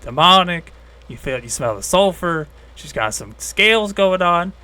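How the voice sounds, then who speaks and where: A man voicing a folksy male god who speaks calmly with a laid-back drawl and a quiet menace, in a tabletop role-play. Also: sits high, a little slow, smooth, full character voice. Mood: drawling warning.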